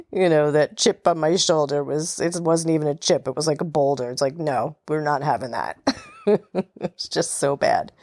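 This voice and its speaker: A woman's voice: deep voice, darkish tone, no echo, studio quality. A woman from New York with a New York accent, hosting a podcast in a chatty, casual way, with frequent laughs and fillers. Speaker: podcast host. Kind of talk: casual solo podcast talk.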